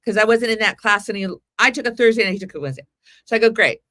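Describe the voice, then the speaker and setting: A woman's voice: on the high side, racing, bright, forceful tone, dry recording, studio quality. A woman in her forties telling a long personal story as a podcast guest, rambling and acting out what people said. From Mexican heritage. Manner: rambling anecdotal storyteller, acts out quotes. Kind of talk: casual storytelling chat.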